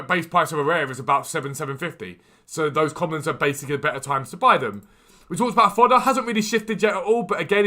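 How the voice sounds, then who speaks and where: A young man chats energetically through a live game stream. His voice sits a bit high for a man and carries a bright, forceful edge. He talks in a loose, casual way straight to his viewers. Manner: energetic and chatty.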